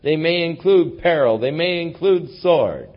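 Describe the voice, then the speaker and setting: Lively, emphatic male preacher. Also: unhurried. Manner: emphatic, swings between booming and hushed. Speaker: pastor. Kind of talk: sermon. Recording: dull lo-fi recording.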